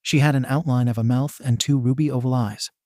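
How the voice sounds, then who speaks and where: A man narrates a fan fiction story in a plain, steady reading voice. His pitch sits in the middle range, and the recording is dry and close with no room sound. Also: a little fast, no room sound.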